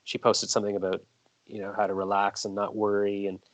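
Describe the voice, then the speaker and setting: A man with a fairly low voice hosts a podcast interview at a brisk clip. He chats casually and rambles through long, chatty stories. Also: completely flat delivery. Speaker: podcast host.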